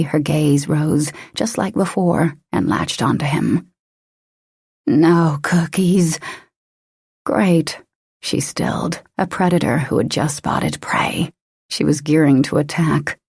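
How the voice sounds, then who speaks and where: A woman narrating an audiobook in a steady, measured reading. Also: deep voice, gravelly, husky, dry recording, clean studio sound. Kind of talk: scripted narration.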